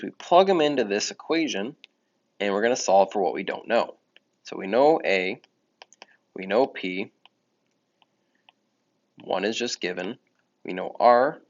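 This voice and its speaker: Male math teacher, low gravelly voice, relaxed self-correcting explainer, muffled recording. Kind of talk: recorded classroom lesson. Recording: dull lo-fi audio.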